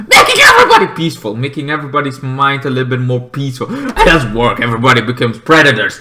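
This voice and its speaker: A man casually reviewing TV episodes alone, rambling with many fillers and breaking into shrill, shouted impressions of the characters.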